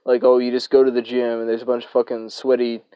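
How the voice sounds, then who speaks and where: A man's voice: mid-range voice, completely flat delivery, fast talker, mellow, clean tone, no room sound. A young man casually telling a rambling, profanity-laced story as a story time vlogger. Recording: dry, dull lo-fi recording.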